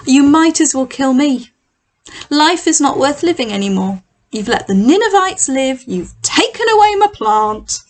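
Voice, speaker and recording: A sulky prophet grumbles that life is not worth living, as a woman telling a children's story puts him on. The voice sits fairly high and talks at an unhurried pace. It sounds like storybook play-acting in front of children. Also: big pitch swings. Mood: sulking. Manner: complaining, self-pitying.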